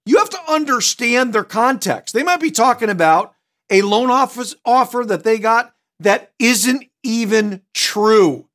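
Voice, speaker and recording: A middle-aged man with a noticeably high voice leads a sales training session. He coaches in a direct, emphatic way, landing points with punchy asides. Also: expressive, a little slow, fairly bright tone. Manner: switches tone to act out customers. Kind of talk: recorded training seminar.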